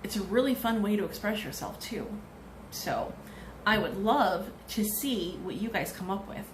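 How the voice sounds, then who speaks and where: A woman's voice: mid-range voice, animated, normal speed, noisy background. A woman, a librarian leading a cheerful craft demo at her kitchen table, talking to viewers in a sing-song way.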